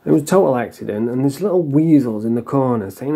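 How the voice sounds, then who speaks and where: A man's voice: medium pitch, animated, fast talker, creaky, dark tone, husky. A man telling a personal story to camera in a blunt, sweary, frank way. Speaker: vlogger. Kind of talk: casual storytelling monologue.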